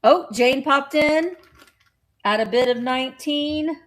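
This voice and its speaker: A woman's voice: high voice, slow pace. A woman chatting casually while running a live vintage auction, bubbly and playful with sing-song noises.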